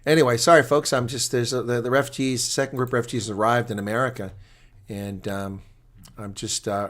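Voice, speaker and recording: A man's voice: fairly low pitch, fairly bright tone. A man chatting casually on a live stream, rambling between viewer comments and rugby talk.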